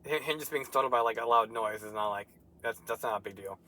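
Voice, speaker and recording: A man's voice: mid-range voice, fast, bright, forceful tone. A man co-hosting a casual movie review chat, ranting and swearing a lot. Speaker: co-host.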